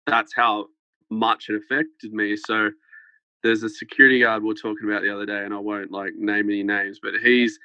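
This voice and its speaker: A young man, talking in a low, flat voice that still sounds bright and forward. He rambles through his story with many fillers, recorded dry and slightly dull. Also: brisk, clean tone, no room sound. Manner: rambling, many fillers, laughs while telling. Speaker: podcast guest. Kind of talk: casual storytelling.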